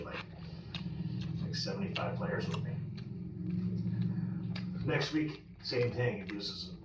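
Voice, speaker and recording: A man's voice: fairly low pitch, lo-fi sound. Man spinning a hustler's tale, echoey room. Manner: animated, quotes himself and others in quick dialogue. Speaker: former bookie telling his story. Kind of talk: casual storytelling. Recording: echoey room, mic at a distance, noisy.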